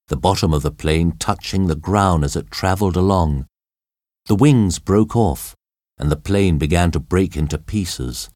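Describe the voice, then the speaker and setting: A man narrating an audiobook story in a dramatic, expressive reading. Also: sits low, no room sound, clean studio sound.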